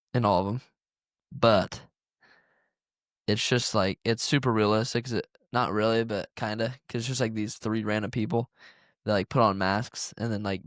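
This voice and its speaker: A man's voice: on the low side, no echo, studio quality. A young man co-hosting a podcast, telling a story in a rambling, casual way full of fillers. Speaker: podcast co-host. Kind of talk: casual chat.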